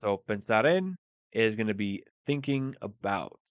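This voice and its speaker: A man teaching English live, thinking aloud in a relaxed way and working Spanish phrases into the lesson. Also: lowish voice, unhurried, clean tone, dry recording. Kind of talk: live-streamed language lesson. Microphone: phone. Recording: dry, phone-like sound.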